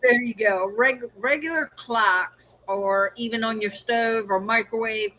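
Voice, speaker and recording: A woman's voice: a little high, measured pace, bright, forceful tone, rough recording. A woman hosting a casual live stream, explaining things in a rambling way. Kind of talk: casual chat.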